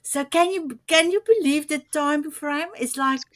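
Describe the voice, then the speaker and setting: South African woman, talk show host, high voice, effusive, dry close sound. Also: unhurried, a bit bright, no room sound. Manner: effusive, gushing. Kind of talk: enthusiastic talk show hosting.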